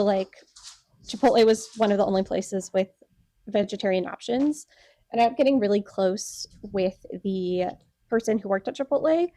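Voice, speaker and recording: A woman's voice: medium pitch, mellow, no room sound. A woman in her twenties co-hosting a podcast at home, rambling casually with lots of "like" and laughter. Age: 20s. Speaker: podcast co-host. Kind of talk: casual chat. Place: home room. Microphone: podcast mic.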